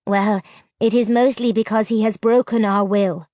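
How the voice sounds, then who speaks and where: A woman's voice: mid-range voice, steady tone, normal speed, dark tone, dry recording, clean studio sound, lightly acted. A woman voicing a solemn male creature covered in grass, who speaks formally and measuredly, in a fantasy audiobook.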